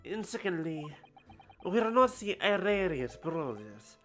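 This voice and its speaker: A woman's voice: lowish voice, sing-song, unhurried, soft background music. A woman voicing a pompous young French nobleman with a put-on French accent, reading game dialogue aloud. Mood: stern.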